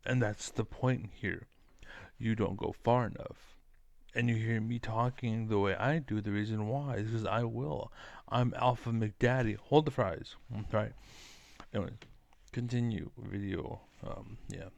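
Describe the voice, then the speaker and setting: A man's voice: lowish voice, fairly even intonation, unhurried, gravelly. A man giving a rambling, profane, combative monologue to camera as a vlogger.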